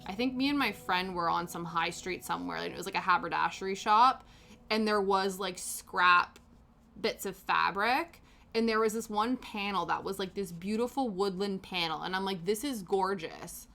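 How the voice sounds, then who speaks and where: On a sofa at home, a knitting streamer chats casually as she knits, rambling and laughing a lot. Her mid-range voice is gravelly and sharp at a moderate pace, with faint music playing in the background.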